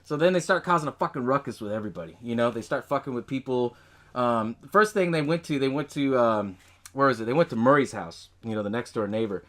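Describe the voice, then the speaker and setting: A man with a mid-range, fairly bright voice retells a film on his podcast, speaking fast and casually. Laid-back throughout, he swears plenty, laughs often and plays out the characters' lines.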